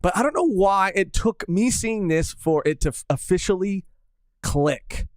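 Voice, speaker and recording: A man's voice: sits high, expressive, unhurried, clear, resonant tone, dry recording. A man co-hosting a podcast in casual chat, laid-back, saying "dude" often and laughing easily. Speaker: podcast co-host.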